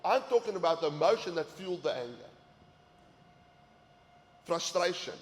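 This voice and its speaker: A man's voice: on the high side, lively intonation, normal speed, long pauses, a little hiss or hum. A man giving an earnest sermon-style talk to men, often repeating words as he pushes a point. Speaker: men's ministry teacher. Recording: echoey hall with faint ambience.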